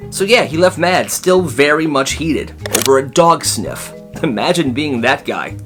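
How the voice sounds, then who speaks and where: A young man narrating storytime clips in a chatty, animated way, with quick asides to the listener. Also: a little high, faint music behind. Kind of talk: storytime narration for short videos.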